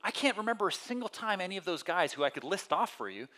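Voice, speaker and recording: A male pastor giving a conversational sermon, telling personal stories and acting out voices with lively energy. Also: sits high, fast. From California. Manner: conversational storytelling with animated quoted voices.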